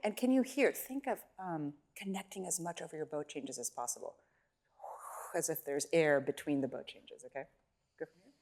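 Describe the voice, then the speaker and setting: A woman's voice: deep voice, moderate pace, loud music behind the voice. A woman teaching a violin masterclass in a recital hall, giving short encouraging cues while a student plays and humming phrases to show how they should go. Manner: encouraging, repeats praise. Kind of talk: masterclass coaching over live playing. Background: violin playing.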